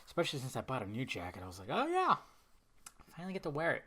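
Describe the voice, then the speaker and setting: Bright-voiced man ranting with loud bursts. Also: medium pitch, wildly swooping pitch, very fast. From Southern California. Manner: profane, ranting, swings between mumbling asides and loud outbursts. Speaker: podcast host. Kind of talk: casual solo podcast rant.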